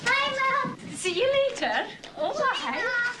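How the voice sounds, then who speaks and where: A woman's voice: very high-pitched, sing-song, slow, exaggerated voice. An actress playing a doting older Scottish mother who greets visitors in a fussing, sing-song way, heard from a roomy film soundtrack with background noise.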